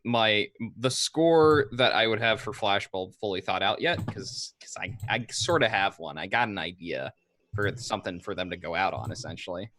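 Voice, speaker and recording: A low-pitched man chats at a gaming table. He stops and restarts his sentences again and again, and pokes fun at himself as he goes. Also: animated, moderate pace, fairly bright tone, slight background noise. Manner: hesitant, full of restarts, self-mocking. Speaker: player. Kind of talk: casual chat before a tabletop game.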